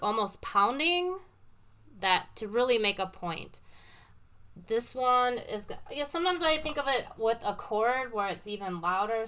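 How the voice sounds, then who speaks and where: Bright and forceful, her medium-pitched voice comes across clear and resonant as she patiently explains piano with everyday comparisons. She plays examples between phrases in a casual, demonstration-filled lesson.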